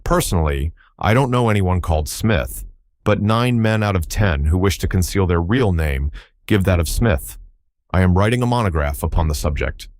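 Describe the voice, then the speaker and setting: A man voicing a brisk, confident young detective who speaks crisply and grandly. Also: low-pitched, expressive.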